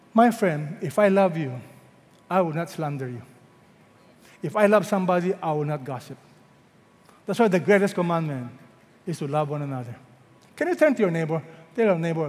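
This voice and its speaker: Filipino man, middle-aged senior pastor, sermon, higher voice, long echo of a big hall. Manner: calls out questions for the congregation to answer; slows right down when quoting scripture.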